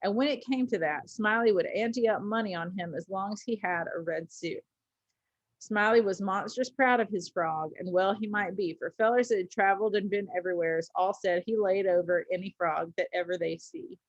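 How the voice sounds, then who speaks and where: A woman's voice: mid-range voice, normal speed, dry recording, dull audio. A woman teacher reading a story aloud to a class, with casual asides and small slips.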